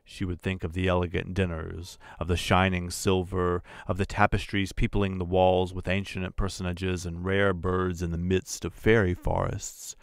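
A man with a very low voice reads a classic story aloud, measured and deliberate. The recording is dry and close, with no room sound. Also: flat delivery, creaky, no room sound. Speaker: audiobook narrator. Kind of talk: scripted literary narration.

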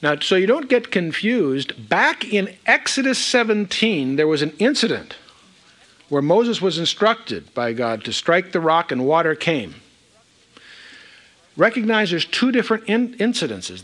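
Male Bible teacher, somewhat high voice, very lively delivery, emphatic scripture reading. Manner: animated, emphatic, reads scripture aloud with asides.

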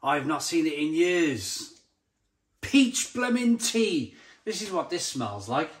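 A man's voice: a little high, very animated, slow pace. A man reviewing a beer to camera in a blunt, exasperated way, often stumbling and repeating himself. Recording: roomy echoey sound.

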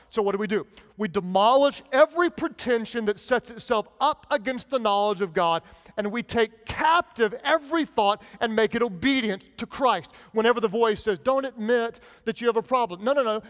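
Pendeta pria bersuara tinggi dan menggema. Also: male voice, high voice, a bit bright, smooth. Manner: sarcastic then earnest, emphatic preaching. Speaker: pastor. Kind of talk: sermon. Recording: long hall reverb.

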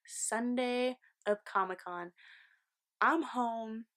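A young woman vlogger telling an excited, rambling storytime, swearing freely. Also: a little high, drawn-out words. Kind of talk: casual storytime vlog.

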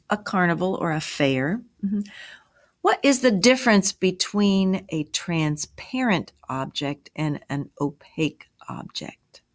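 A woman teacher reading a story aloud, then asking and answering review questions in a clear, measured way. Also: lowish voice.

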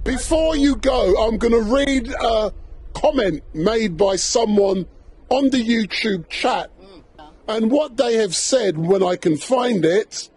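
A man interviewing outdoors in a park, asking deliberate questions and raising his voice to be heard. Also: high-pitched, darkish tone, breathy edge. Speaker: street interviewer. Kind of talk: live street interview.

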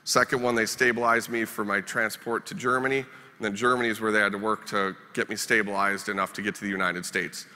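Wry man with a bright, ringing voice. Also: lowish voice, flat delivery, quick pace. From Minnesota. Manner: wry, self-deprecating humor. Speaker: keynote speaker. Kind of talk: storytelling keynote speech. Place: conference hall. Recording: reverberant conference hall.

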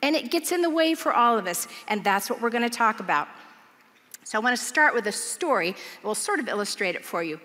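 In a large church auditorium, a woman preaches a sermon, telling stories with humor and earnest conviction. Her fairly high voice is expressive, bright and forceful, delivered briskly, and long hall reverb fills the recording.

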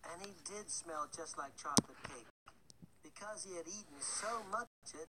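A man narrating a dark fairy tale audiobook in a wry, conspiratorial manner, addressing the listener. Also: fairly high pitch, normal speed. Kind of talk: scripted storybook narration. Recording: loud background noise with clicks.

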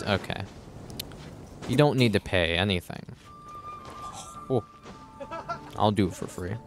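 A man live streaming a game in casual chat, distracted and muttering hold on as he fixes settings, swearing casually and talking back to chat. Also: fairly low pitch. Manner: distracted, keeps saying hold on while fiddling with settings.

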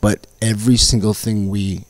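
Animated, swearing man, dry sound. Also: fairly low pitch, normal speed, no room sound. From Canada, Filipino Canadian. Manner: animated storyteller, swears freely. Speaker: guest comedian. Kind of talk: casual podcast chat.

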